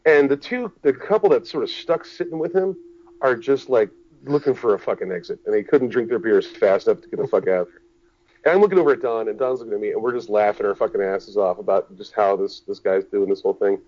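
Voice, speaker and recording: A man's voice: lowish voice, fast talker. Brief: male storyteller, casual and crude, does the voices of the people in his story, slightly muffled recording with faint hiss. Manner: animated, profane, acts out the people in his story.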